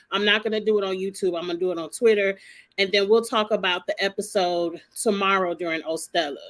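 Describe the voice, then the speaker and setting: A woman's voice: medium pitch, a bit bright. Sassy, blunt woman ranting. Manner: blunt, sassy, swears freely. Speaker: vlogger commenting on a reality show. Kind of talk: casual opinionated commentary.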